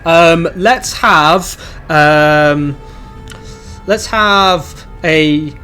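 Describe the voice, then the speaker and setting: High-voiced male game master. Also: drawn-out words, clear, resonant tone, faint music behind. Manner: lively, dramatic scene narration. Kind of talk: narrating a tabletop game.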